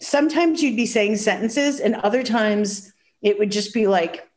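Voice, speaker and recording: A woman with a nasal Chicago accent, a guest in a casual chat, telling stories with lively acted-out quotes. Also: medium pitch, moderate pace. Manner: animated storyteller, acts out quoted voices.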